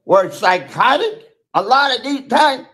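Clip of a high-voiced man in his eighties. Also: very animated, moderate pace, pushed and bright, breathy edge. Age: 80s. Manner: incredulous, pushing back.

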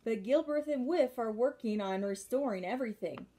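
A woman's voice: on the high side, normal speed, warm tone, husky. A woman reading aloud and voicing a cautious, polite man of science in a storybook.

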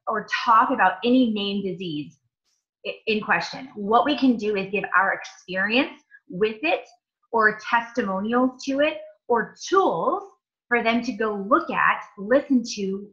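A woman with a bright, forceful voice coaches her team in a casual, emphatic way, stressing points by repeating them. The sound is dull and lo-fi. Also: medium pitch. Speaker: network marketing trainer.

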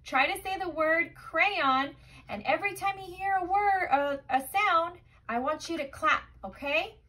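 Teaching a remote lesson to young children, a woman speaks slowly in an encouraging, sing-song manner, frequently asking "okay?" Her voice is very high with a sharp tone.

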